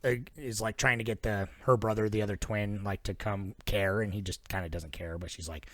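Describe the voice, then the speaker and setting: A man's voice: lowish voice, fairly even intonation, fairly quick, hardly any pauses, no room sound. A man hosting a podcast, retelling a film plot in a rambling, casual way with lots of swearing. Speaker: podcast host. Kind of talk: casual film-recap chat.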